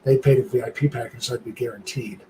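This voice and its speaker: Older man telling an animated story. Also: medium pitch, fast, noisy background. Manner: animated storytelling, acting out quoted voices. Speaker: guest. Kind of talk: casual live-stream chat.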